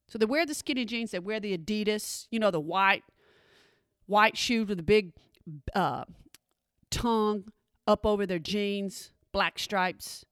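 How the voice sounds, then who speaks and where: A woman's voice: mid-range voice, a little slow, smooth, dry recording. A woman doing stand-up comedy, sassy, with dry asides. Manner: sassy, dry asides, drops into mimicked voices.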